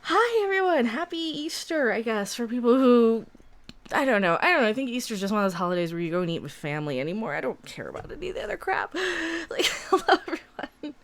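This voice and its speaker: High-pitched woman live streaming from her room, giggly, chatty, cusses a lot. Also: big pitch swings, fast. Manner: giggly, chatty, swears freely. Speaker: livestream host. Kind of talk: casual live-stream chat, reading out viewer donations. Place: room at home with a window open.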